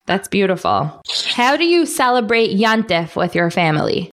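Speaking at a moderate pace in a sing-song, medium-pitched voice, a young woman leads a panel interview with kids. She's upbeat and supportive, frequently mixing Yiddish and Hebrew words into her speech.

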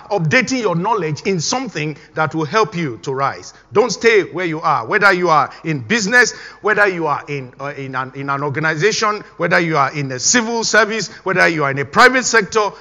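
A man's voice: high voice, sharp tone. A middle-aged man from Nigeria, preaching a sermon as pastor, emphatic and repeating his exhortations. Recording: dull recording with long hall reverb.

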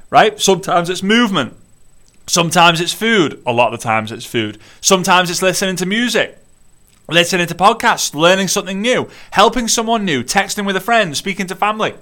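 A man from the United Kingdom delivers a rallying motivational talk, speaking straight to his listeners and circling back on phrases for emphasis. His voice is bright and forceful, sitting a little high for a man. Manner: energetic, repetitive, rallying, direct address to listeners. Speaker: network marketing business coach. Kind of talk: motivational monologue.

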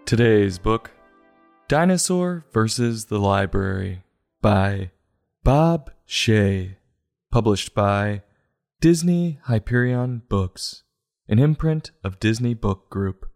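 A man's voice: fairly low pitch, slow, gravelly, faint music behind. A man hosting a book review show, reading and mocking a children's picture book with sarcastic, exasperated commentary. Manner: sarcastic, exasperated, rising to incredulous questions; profane deadpan asides.

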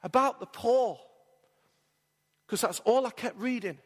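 High-voiced guy preaching a sermon, emphatic, drags out key lines, big echoey church hall. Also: husky. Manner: emphatic preaching with repetition and slowed, drawn-out key phrases. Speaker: pastor. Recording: long reverb of a church hall.

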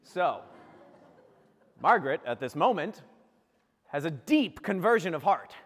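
A man's voice: a little high, sing-song, a little slow, long reverb tail. A man preaching, telling a saint's story in a joking, playful way and acting out the characters. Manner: playful, jokey storyteller who acts out the characters. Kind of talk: humorous storytelling homily.

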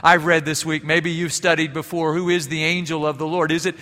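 A man preaching a sermon, his voice bright and forceful with a slightly raised pitch. He shifts from hushed storytelling to emphatic declarations. The sound carries the long reverb of a large hall. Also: little pitch movement, a little fast. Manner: storytelling, varies between quiet and emphatic. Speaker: pastor.

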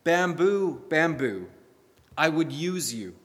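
A man voicing the grave, loving master of a garden in a spoken fable, talking slowly and solemnly with a long hall echo behind him. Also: on the high side, big pitch swings, fairly bright tone, heavily acted.

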